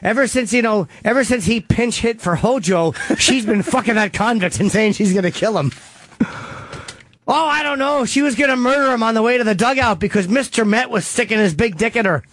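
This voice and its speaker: A man's voice: very high-pitched, fairly quick, fairly bright tone, pitched above the performer's own voice. A man voicing a naive middle-aged woman in a put-on folksy accent, as a comedy bit on a talk show. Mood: flustered.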